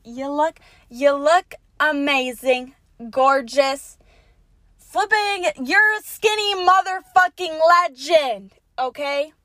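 A young woman with a high voice hosts her own podcast, talking on and on and cursing all the time. She swings from quiet mumbling to loud, indignant yelling. The sound is dry and close, with no room echo. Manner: profane, rambling, swings from mutter to loud yelling. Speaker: podcast host. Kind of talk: solo podcast rant.

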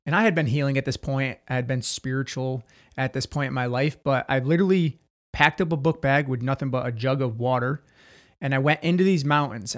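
A man candidly telling a personal story as a podcast guest, intense and emphatic, cursing freely. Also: medium pitch.

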